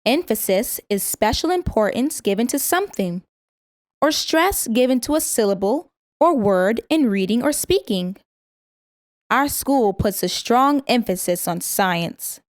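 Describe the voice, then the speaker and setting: A woman reading a vocabulary lesson, saying each word, its part of speech, its meaning and an example sentence, and pausing for the listener to repeat it. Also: a little high, lively intonation, no echo, clean studio sound. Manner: slow, careful word-by-word pronunciation. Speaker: vocabulary teacher.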